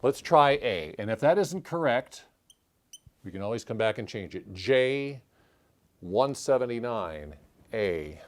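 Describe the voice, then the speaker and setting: A man's voice: on the low side, big pitch swings. Man walking through a word puzzle. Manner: thinks aloud, measured, reads out letters and numbers. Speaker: puzzle-solving channel host. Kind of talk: solve-along puzzle walkthrough.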